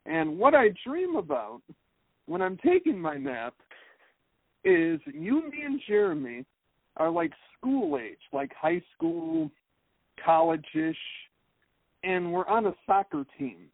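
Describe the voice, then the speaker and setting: Male co-host, wry and animated storyteller, fairly high voice, phone-like audio. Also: slow, long pauses, no echo. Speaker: podcast co-host. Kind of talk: casual podcast chat. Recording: narrow phone-like sound, dry.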